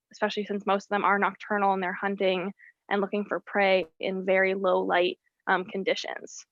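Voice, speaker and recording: A woman, a wildlife educator, giving an explanatory presentation about birds and often pausing on "um". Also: mid-range voice, a bit bright, no echo, dull audio. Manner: explanatory, with frequent ums.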